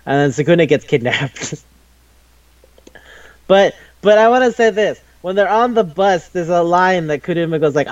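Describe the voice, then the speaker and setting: A man co-hosting an anime podcast in casual chat, retelling scenes in an excitable, profane way. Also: a little high, moderate pace. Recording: dull lo-fi audio.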